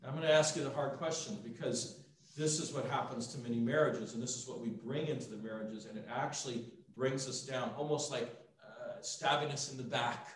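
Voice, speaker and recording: A man preaching a sermon, swinging between hushed asides and loud emphasis. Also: mid-range voice. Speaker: pastor. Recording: echoey room, mic from far off.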